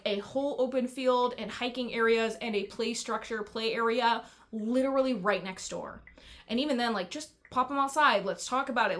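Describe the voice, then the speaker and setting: A woman talking straight to camera in a casual vlog, venting with blunt frustration and plenty of swearing. Her voice sits somewhat high, and she stumbles and restarts as her thoughts race ahead. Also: pushed and bright. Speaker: vlogger.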